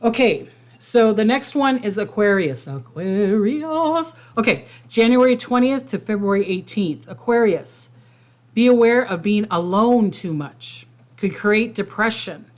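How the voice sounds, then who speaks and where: A woman chats casually as a psychic livestream host, her pitch sitting in the middle range. She rambles freely, stopping and restarting her sentences and filling the gaps with "you know" and "um." Now and then she reads viewer comments aloud. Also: animated, unhurried.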